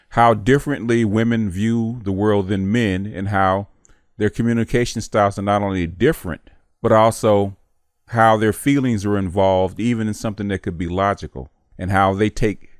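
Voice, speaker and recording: A man hosting his own channel, commenting in a measured way with frequent pauses. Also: fairly low pitch, dry recording, studio quality. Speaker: channel host. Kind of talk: casual video commentary.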